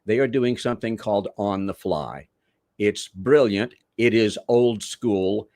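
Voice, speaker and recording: Rambling old showman, low dry voice. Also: measured pace, a little mellow, no echo. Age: older. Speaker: guest, veteran wrestler. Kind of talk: storytelling in a podcast interview.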